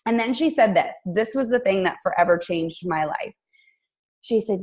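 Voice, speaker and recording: A woman's voice: medium pitch, animated, normal speed, a little mellow. A woman guest-hosting a coaching team call, telling her story in a colorful, chatty way and speaking straight to her listeners. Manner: chatty, addresses listeners directly. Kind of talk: casual motivational storytelling.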